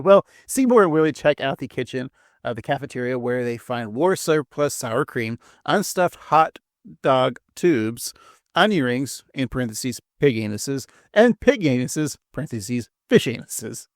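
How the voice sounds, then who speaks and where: A man co-hosting a podcast in relaxed, rambling chat, laughing often. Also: mid-range voice, normal speed, no room sound, studio quality. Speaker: podcast co-host. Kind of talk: casual chat.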